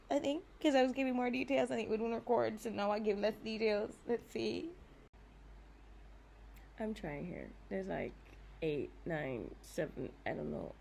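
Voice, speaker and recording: A woman's voice: a little high, creaky, slight background noise. A young woman vlogging in a rambling, emotional monologue, frustrated and swearing as she talks.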